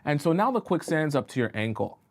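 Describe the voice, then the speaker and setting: A man's voice: fairly high pitch, big pitch swings, a little fast. Man telling a vivid advice story. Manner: storytelling, with frequent "okay?" and "right?" check-ins. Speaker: dating coach. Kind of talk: livestream advice talk.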